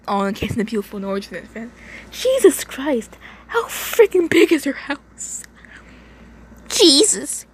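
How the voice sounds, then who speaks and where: A young woman casually reading a story aloud at home, often stumbling over words, laughing and adding side comments. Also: medium pitch. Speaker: reader of fan fiction. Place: home, indoors.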